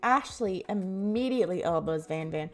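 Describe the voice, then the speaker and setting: A woman streamer with a Southern US accent reads a game's story aloud in a playful, self-mocking way. Her voice moves up and down in an animated way over faint background music. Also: fairly low pitch, moderate pace. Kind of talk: narrating a visual novel game aloud.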